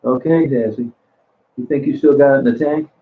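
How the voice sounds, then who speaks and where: A man's voice: mid-range voice, fairly quick. A man hosting a casual livestream, talking bluntly and crudely to viewers as he reads their comments. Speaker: livestream host. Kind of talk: casual live chat reading comments. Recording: tinny phone-like sound.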